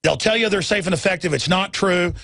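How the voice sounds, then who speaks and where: A man's voice: sits high, a little fast, vocal fry, bright, forceful tone, no room sound. A middle-aged male talk show host delivering an impassioned monologue. He rants and acts out other people's lines as he goes.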